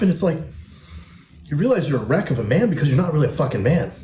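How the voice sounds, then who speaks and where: A man's voice: a little high, big pitch swings, fast talker, pauses often, mellow. Blunt, swearing male coach on a podcast, echoey room with faint hiss. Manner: blunt, profane, emphatic, preachy. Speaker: podcast host and men's coach. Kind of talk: podcast monologue.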